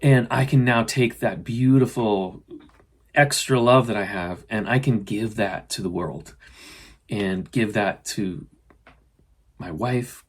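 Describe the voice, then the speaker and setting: A middle-aged man, host of a spiritual podcast, talking earnestly and gently about self-love, often voicing his own inner dialogue. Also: fairly low pitch, slow pace, slightly rough. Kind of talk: casual spiritual self-help talk.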